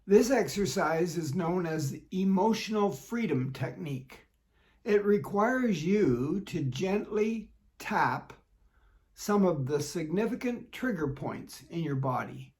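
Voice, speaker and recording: Slow, calm man teaching a tapping routine. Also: high-pitched. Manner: calm, unhurried instruction with dry humor. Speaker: fitness instructor. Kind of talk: demonstrating an exercise routine.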